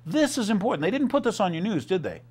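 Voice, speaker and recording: A man's voice: high-pitched, very animated, fast talker, a little mellow, breathy edge. A man hosting a news commentary show, talking animatedly and sarcastically, full of rhetorical questions. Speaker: host. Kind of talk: commentary monologue.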